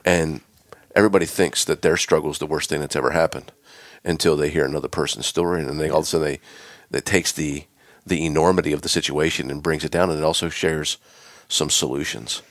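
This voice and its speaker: Male podcast host, very low voice, dry close mic, easygoing interviewer. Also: steady tone, fast, hardly any pauses, dry recording. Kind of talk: casual interview chat.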